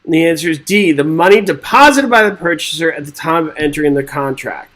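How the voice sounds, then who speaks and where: A man's voice: on the high side, fairly quick, a bit bright, poor audio. A man teaching a live exam-prep webinar, reading quiz questions aloud and joking with the chat in an upbeat way. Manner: upbeat, jokey, reads quiz questions and chats with viewers. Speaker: real estate exam instructor.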